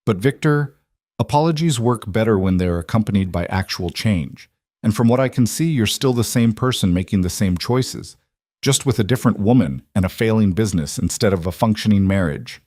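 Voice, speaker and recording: A man voicing a composed businesswoman who speaks quietly and in a measured way. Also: fairly low pitch, lively intonation, dry recording, studio quality. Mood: calm firmness. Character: composed businesswoman, calm, firm, middle-aged.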